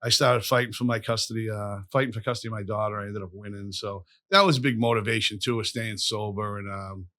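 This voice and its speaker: A man's voice: fairly low pitch, steady tone, fast, hardly any pauses, pushed and bright, dry recording, clean studio sound. Blunt, profane man telling stories. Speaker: podcast guest. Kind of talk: casual storytelling conversation.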